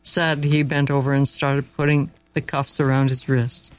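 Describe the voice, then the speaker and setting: A man narrating a story aloud, expressive and dramatic, with slow pauses for effect. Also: mid-range voice, clear, resonant tone, low-quality recording.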